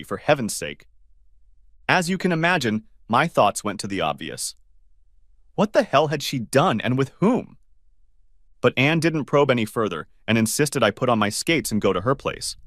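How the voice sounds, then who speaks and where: A male narrator reads a first-person story aloud, performing every part himself and lifting his pitch for alarmed questions. His voice is a bit bright, captured in clean studio sound with no room ambience.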